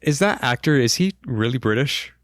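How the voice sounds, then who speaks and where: A man's voice: mid-range voice, normal speed, no echo, clean studio sound. A man co-hosting a podcast, chatting easily and asking his co-host questions. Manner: relaxed, asks questions, short agreeing replies. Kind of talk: casual chat.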